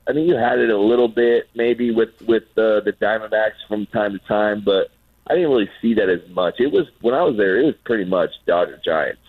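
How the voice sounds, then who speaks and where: A man's voice: fairly low pitch, a little fast, no room sound. A man, a former player, telling baseball stories in casual chat on a radio show, acting out what people said, with lots of restarts. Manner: animated, acts out quotes, repeats words. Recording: phone-like narrow sound.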